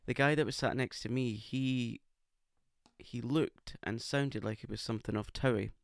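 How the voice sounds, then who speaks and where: A man's voice: medium pitch, fairly even intonation, normal speed, creaky, no echo, clean studio sound. A man co-hosting a casual podcast, camp and playfully teasing. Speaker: podcast co-host. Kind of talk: casual chat. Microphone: podcast microphone.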